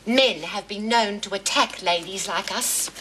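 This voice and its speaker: A prim, fussing Aussie mum. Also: female voice, medium pitch, a little slow, bright, forceful tone, a little hiss or hum. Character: fussy, prim middle-aged Australian mum. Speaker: mother. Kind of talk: sitcom acting.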